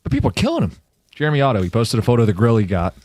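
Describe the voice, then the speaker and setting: A man co-hosting a radio show, telling stories in a teasing, animated way. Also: medium pitch, racing. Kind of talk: casual sports radio banter.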